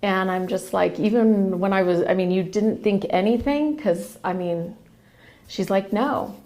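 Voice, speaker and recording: Woman spilling a wild family story on a podcast, bit of vocal fry. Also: mid-range voice, unhurried, mellow. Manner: emotional, quotes others in a run of retold dialogue. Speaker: guest. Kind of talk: personal storytelling.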